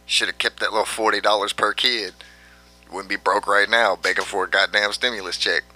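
A man's voice: on the low side, fairly even intonation, a little fast, sharp tone. A man vlogging a brash, profane rant and laughing often at his own jabs.

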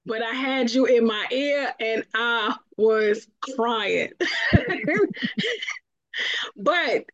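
A woman calling in to a chat show, friendly and quick to laugh. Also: fairly high pitch, no room sound. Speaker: caller. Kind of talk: casual chat. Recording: dull, dry call-in line.

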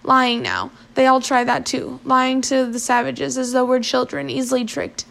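A man's voice: extremely high pitch, lively intonation, moderate pace, creaky, fairly bright tone, full character voice. Stern old island chief, read by a woman. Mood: grave.

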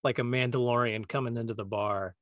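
A man co-hosting a podcast, talking in a relaxed, easygoing way and thinking aloud with plenty of filler words. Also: medium pitch, brisk, dry recording, studio quality. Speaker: podcast co-host, voice actor. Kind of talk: casual podcast chat.

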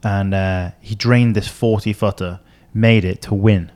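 A man's voice: on the low side, fairly even intonation, measured pace, darkish tone. A man co-hosting a podcast, telling a long story in casual chat with many fillers and restarts. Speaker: podcast co-host.

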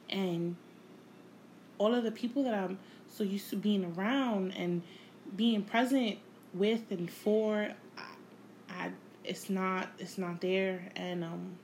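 A woman hosting her own podcast, talking without a script in a reflective, halting way, repeating phrases and swearing casually. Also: medium pitch, a little mellow, a little hiss or hum, low-quality recording. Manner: emotional, candid, casual swearing. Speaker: podcast host. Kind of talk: unscripted personal monologue.

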